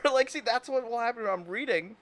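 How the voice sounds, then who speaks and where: A man's voice: very high-pitched, fast, a crowd in the background. Giggly man rambling in casual chat. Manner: giggly, rambling, laughs through his words; acts out imagined lines in silly voices. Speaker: host.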